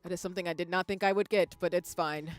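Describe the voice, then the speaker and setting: A woman streamer chatting casually with viewers, rambling and laughing often as she reads the chat aloud. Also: on the low side. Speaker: live streamer.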